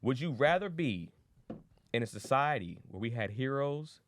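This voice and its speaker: A man's voice: medium pitch, normal speed, slight background noise. A man co-hosting an anime podcast, retelling episodes in slangy casual chat and acting out characters' lines. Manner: animated retelling with slangy voiced impressions, frequent profanity. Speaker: podcast co-host.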